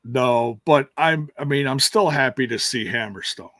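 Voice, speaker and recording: This man co-hosts a podcast, joking around and laughing often as he casually recaps wrestling. His mid-range voice moves at a normal speed, sounds slightly bright, and the recording has no room sound.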